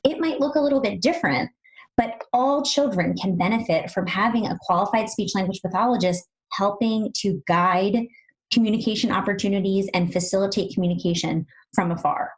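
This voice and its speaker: Animated woman speech therapist, podcast host. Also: medium pitch, low-quality recording. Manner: quick, animated storytelling with many "you know"s. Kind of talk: casual podcast chat.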